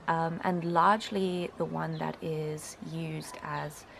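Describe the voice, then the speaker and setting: A woman's voice: deep voice, fairly even intonation, takes it slowly, creaky, fairly bright tone, slight background noise. A young South African woman, a linguistics student, explaining things to camera in a casual, thoughtful way with fillers. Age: young adult.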